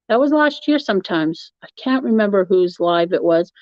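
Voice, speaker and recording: A woman's voice: mid-range voice, expressive, normal speed, no room sound. A woman hosting a live stream, chatting casually with her viewers and laughing often as she rambles. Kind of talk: casual chat answering a live chat. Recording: dull, lo-fi, dry sound.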